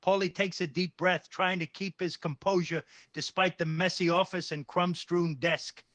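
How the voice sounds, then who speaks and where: A man reading third-person story narration in a steady, even way. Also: high voice, moderate pace, hardly any pauses, no room sound.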